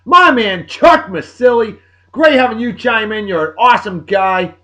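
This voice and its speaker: A man, hosting a show and giving rowdy, salty shout-outs to friends in a casual rambling way. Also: high voice, lively intonation, normal speed. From Martha's Vineyard, Massachusetts. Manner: boisterous, salty, hollers catchphrases.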